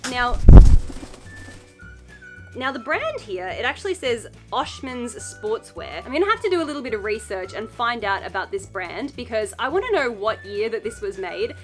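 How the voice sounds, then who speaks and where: A woman's voice: a little high, big pitch swings, moderate pace, fairly bright tone, soft background music. A young woman with an Australian accent chatting through a clothing haul in a bubbly, gushing, playful way. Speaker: fashion vlogger. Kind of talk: casual thrift haul chat.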